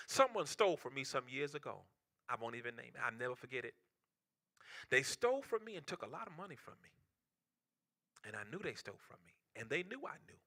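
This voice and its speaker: A male pastor preaching a sermon with impassioned delivery, swinging between loud outcries and hushed near-whispers. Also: medium pitch. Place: church.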